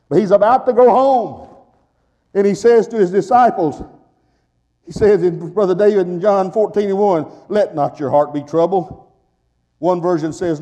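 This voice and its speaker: An older man preaching a fervent sermon in a church, building to shouts and calling for his congregation to answer back. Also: sits high, big-room sound. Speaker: pastor. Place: church sanctuary.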